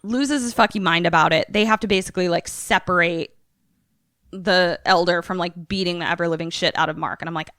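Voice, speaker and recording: A young woman podcast co-host recapping a movie in casual, animated, profane storytelling. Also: on the low side, a little fast, dry recording, studio quality.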